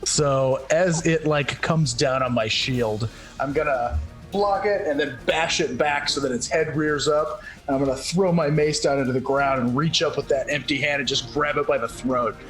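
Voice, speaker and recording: A man's voice: medium pitch, normal speed, fairly bright tone, soft background music. Man vividly describing his character's attack. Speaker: player.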